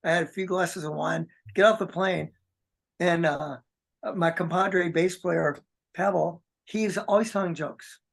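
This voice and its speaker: A man's voice: sits high, steady tone, a little slow, gravelly. Rambling male musician telling a story. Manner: rambling, many restarts, acts out quoted voices. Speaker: interview guest, musician. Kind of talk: casual storytelling.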